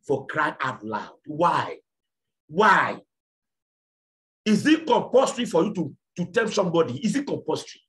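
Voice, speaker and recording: A man's voice: fairly high pitch, a bit bright. A man preaching a fiery sermon, repeating lines and firing off rhetorical questions.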